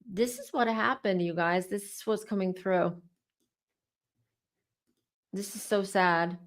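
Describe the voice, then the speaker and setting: Reading tarot casually for her channel, a woman speaks with animation, repeating herself as she builds toward exclamations. Her voice is medium in pitch and her pace is slow.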